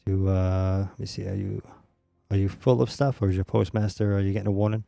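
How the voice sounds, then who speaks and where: A man streaming a game, chatting casually with teammates in a relaxed, rambling way with many fillers. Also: low-pitched, brisk, creaky, dry recording, faint music behind. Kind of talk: casual gaming chat.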